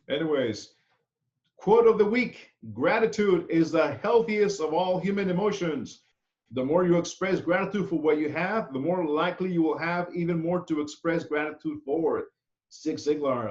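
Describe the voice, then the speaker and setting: A man's voice: a little high, highs cut off. A man teaching a cooking class, who talks in a chatty way and keeps checking in with "okay?". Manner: chatty, tags sentences with "okay?". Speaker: culinary instructor. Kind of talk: classroom lecture.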